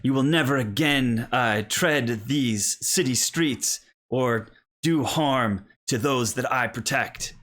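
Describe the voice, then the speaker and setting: A man's voice: on the low side, lively intonation, normal speed, pitched above the performer's own voice. A man voicing an earnest young boy who plays at being a heroic knight and bosses his friends around.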